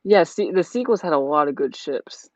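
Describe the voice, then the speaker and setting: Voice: medium pitch, lively intonation, normal speed, no echo. A vlogger chatting casually while building a model, rambling with lots of "like" and "you know.". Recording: dull lo-fi sound.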